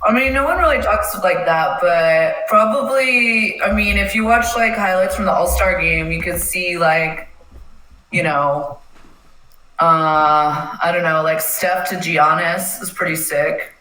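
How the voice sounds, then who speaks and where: Woman, podcast co-host, easygoing chat, bright tense tone, echoey. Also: on the low side, a little slow. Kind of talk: casual chat.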